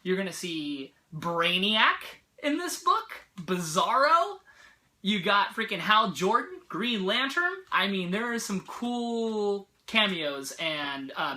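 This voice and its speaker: Bright-voiced excited comic book vlogger man. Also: sits high. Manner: chatty and excited, many fillers. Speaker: comic book reviewer, channel host. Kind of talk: casual comic book review vlog.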